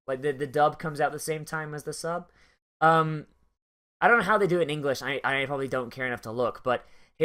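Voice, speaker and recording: A man's voice: mid-range voice, a bit bright. A young man chatting casually as an anime reaction host, rambling and profane, with many restarts and fillers.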